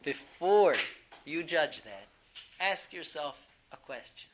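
A man teaching a class through a story, animated, laughing often and filling pauses with "um". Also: fairly high pitch, a little hiss or hum, low-quality recording. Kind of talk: storytelling lesson.

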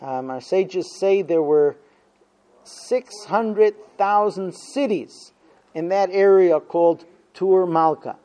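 A man teaching a Talmud class, telling a story with lively acted-out quotes and frequent fillers. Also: high-pitched, slow pace. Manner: animated storyteller, acting out quotes, many fillers. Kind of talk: storytelling lesson.

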